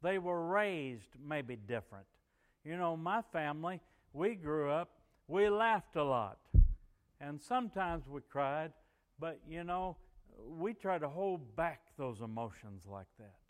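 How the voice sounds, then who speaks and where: A middle-aged male pastor delivering a sermon in a voice pitched a little above the usual for a man. He rambles through homely stories, then rises into emphatic, declaiming preaching. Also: lively intonation, takes it slowly. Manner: folksy storytelling with bursts of emphatic preaching.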